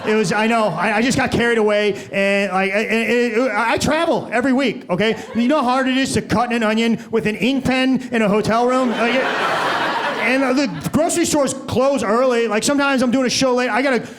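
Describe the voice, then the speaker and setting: A man's voice: extremely high pitch, fairly even intonation, fairly quick, a bit bright. A male stand-up comedian with a stammering, self-deprecating delivery, on a club stage with a handheld mic. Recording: live stand-up with audience crowd.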